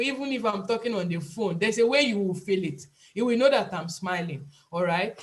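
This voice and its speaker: A Nigerian woman teaches an online class in a voice of middling pitch. She speaks earnestly and leans on her main points, saying them again and again. The sound comes through a video call. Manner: earnest, emphatic, repeats key points.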